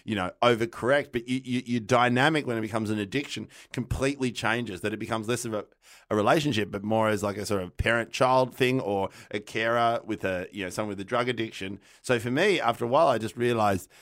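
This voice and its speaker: A man, a podcast guest telling a rambling, animated story in casual conversation. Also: lowish voice, no echo, studio quality. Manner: rambling, restarts often, energetic and quick to laugh.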